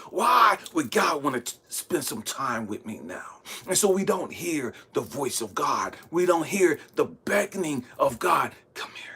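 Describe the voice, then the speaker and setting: Middle-aged man, slightly high, husky voice; raw, profane spiritual monologue with swings from shouting to hushed. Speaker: spiritual channel host. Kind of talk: impassioned spoken monologue.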